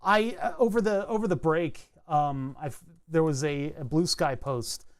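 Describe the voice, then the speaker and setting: A man streaming live, thinking aloud in a halting, self-interrupting way as he works through a technical problem. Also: on the high side, smooth. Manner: muttering, halting, self-interrupting while debugging.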